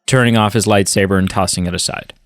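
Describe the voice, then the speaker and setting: A man's voice: fairly low pitch, steady tone, quick pace, clear, resonant tone, no echo, studio quality. A man hosting a podcast, chatting casually in a review and retelling scenes with many fillers. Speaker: podcast host. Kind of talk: casual film review chat.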